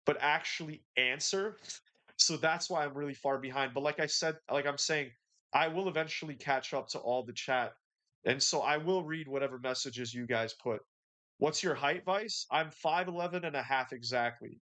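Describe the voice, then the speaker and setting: Chill slangy guy on a gaming stream, reading chat, voice a bit high. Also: a bit bright. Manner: laid-back and slangy, reads out and answers chat. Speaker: livestream host. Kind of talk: casual livestream chat.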